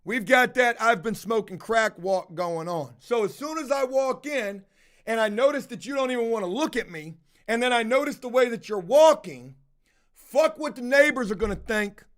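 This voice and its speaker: A man's voice: very high-pitched, lively intonation, normal speed, a bit bright. A man telling a heated, profanity-heavy story in a casual monologue with lots of emphasis.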